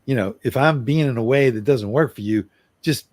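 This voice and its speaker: A middle-aged man coaching on communication, acting out an apology in an earnest way and slowing down for emphasis. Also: mid-range voice, a little mellow, no room sound. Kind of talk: role-played apology demonstration.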